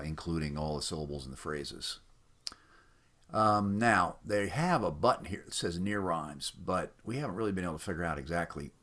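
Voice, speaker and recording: A man with a low, deep voice gives a loose, unscripted walkthrough of websites. He explains each step plainly, sounds mildly skeptical of what he finds, and pauses often with "uh". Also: a bit bright. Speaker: website presenter for a rhyming site. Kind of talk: casual screen-recorded walkthrough.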